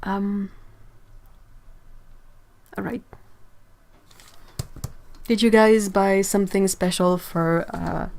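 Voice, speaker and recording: A woman's voice: medium pitch, steady tone, extremely slow, vocal fry, long pauses, a little mellow. A woman chatting casually on an art livestream, sleepy, rambling, laughing often and restarting her sentences. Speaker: artist livestreaming. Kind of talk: casual livestream chat, reading comments.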